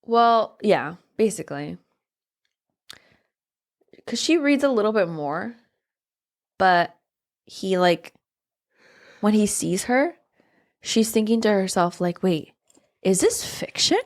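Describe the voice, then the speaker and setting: A woman's voice: medium pitch, expressive, slow pace, pauses often. Laid-back swearing woman podcast co-host. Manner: laid-back, swears freely, reads passages aloud. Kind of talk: casual book chat.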